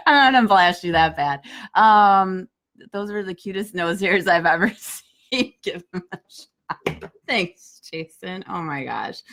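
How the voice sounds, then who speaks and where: A woman in her thirties co-hosting a casual chat, chatty and quick to laugh. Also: on the low side, gravelly, a bit bright. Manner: chatty, reads dating messages aloud with laughs. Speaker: podcast co-host.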